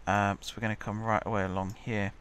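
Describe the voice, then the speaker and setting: A man talks through his game in a casual, half-muttered way, as if thinking aloud. His voice sits a bit low. Faint background noise and mouse clicks sit behind him. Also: little pitch movement, fast talker, fairly bright tone. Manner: chatty, muttering to himself while building. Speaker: gaming channel host.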